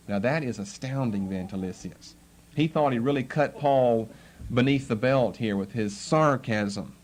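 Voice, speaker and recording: This man's Bible lesson is explanatory, delivered at a normal speed in a medium-pitched voice. As he quotes people from the text, he acts out how they sounded.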